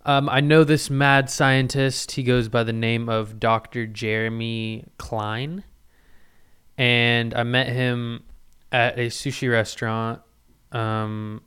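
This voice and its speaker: A man hosts his own podcast in a loose, unhurried chat. His voice is very smooth and resonant, and he drifts along on fillers, false starts and casual slang. He talks at an easy, slow pace. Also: medium pitch, a bit bright. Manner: rambling, filler-heavy, slangy. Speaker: podcast host.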